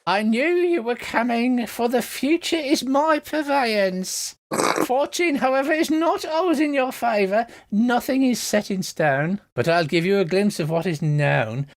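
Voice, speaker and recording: A cackling ancient fortune teller who croons "dearie" at every turn and makes a grand show of her visions, as a man puts her on in a tabletop game. The voice soars far above his own, shrill and drawn out, and it stays dry and close. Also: animated, heavily acted. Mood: theatrical. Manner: shrill put-on crone voice, drawn-out endearments.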